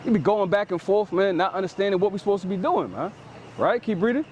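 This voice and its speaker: High-voiced guy street preaching, swoops all over, says "man" every line, faint traffic hum behind. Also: quick pace. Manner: loose slangy talk, ends phrases with "man"; lively and emphatic, paraphrases scripture in street speech. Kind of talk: street preaching, commenting on scripture.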